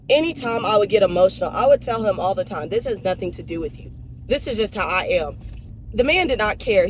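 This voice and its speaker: A young woman vlogging from her car, chatting casually and emotionally to her viewers. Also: mid-range voice. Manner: chatty, emotional and animated, addresses viewers as y'all. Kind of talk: casual chat. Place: in a car on a drive-thru run. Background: vehicle noise.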